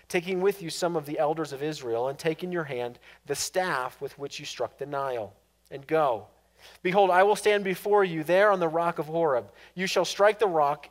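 A man preaching a sermon, swinging from loud, pressing questions to hushed, quiet endings. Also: fairly high pitch. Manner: dynamic preaching, rising to loud questions and dropping to hushed asides. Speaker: pastor.

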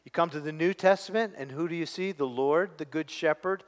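A man's voice: a little high, a little fast. A man, preaching a sermon to his congregation and putting questions to them. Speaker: pastor. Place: church sanctuary. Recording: long reverb of a large hall.

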